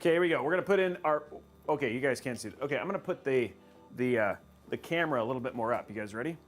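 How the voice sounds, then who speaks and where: Lively chatty man hosting a livestream. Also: mid-range voice, racing, faint music behind. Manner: chatty, laughs often, talks to chat. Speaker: livestream PC builder host. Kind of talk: casual livestream chat while building.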